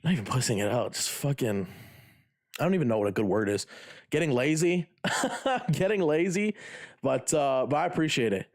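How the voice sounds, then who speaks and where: A male livestreamer in relaxed, unscripted chat. His voice sits at an ordinary middle pitch. He rambles through restarts and fillers and swears freely. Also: brisk. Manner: rambling, profane, lots of fillers. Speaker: livestreamer and lifter.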